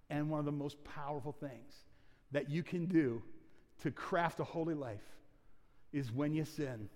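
A male pastor preaching a sermon, telling stories and swinging between hushed, quiet passages and loud, emphatic ones. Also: on the high side, measured pace. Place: church sanctuary. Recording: long church reverb.

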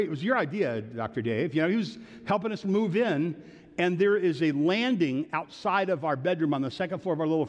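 Man, pastor, earnest conversational sermon, fairly high voice, long hall reverb. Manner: earnest, conversational storytelling with rising emphatic prayers.

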